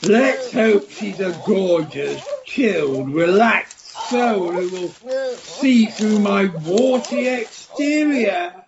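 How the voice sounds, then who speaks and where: A woman's voice: mid-range voice, animated, slow, crowd noise. A woman voicing a young male frog prince in an amateur radio play, theatrical and pleading. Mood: hopeful. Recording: slightly muffled radio play recording.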